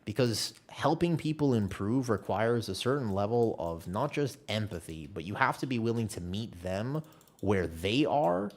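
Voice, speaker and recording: Man, streamer, casual gaming chat, rambling story, lively swinging pitch, low-ish voice. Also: normal speed. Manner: animated rambling storytelling, many restarts. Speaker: live streamer. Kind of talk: casual chat while playing a game.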